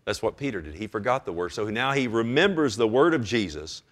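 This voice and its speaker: A man's voice: medium pitch, sing-song, fairly quick, a bit bright. A man preaching a sermon as pastor, with emphatic rises and direct calls to his congregation.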